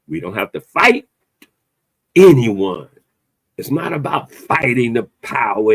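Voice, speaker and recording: A man, hosting an opinionated podcast chat in an emphatic, animated way. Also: medium pitch, unhurried, slightly rough, dry recording. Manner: animated, emphatic, loose conversational delivery with a playful edge. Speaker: podcast host.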